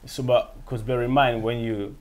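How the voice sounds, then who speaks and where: This is a man from France, once a footballer, appearing as a guest and narrating his experiences in accented English. He has a mid-range voice at normal speed. Lively and laughing frequently, he imitates the people in his tale.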